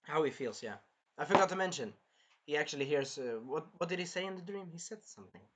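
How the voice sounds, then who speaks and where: A man hosting a casual anime episode review, rambling and sidetracking, often apologizing and clearing his throat. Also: a little high, expressive, fast, background noise. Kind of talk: casual chat recapping an episode.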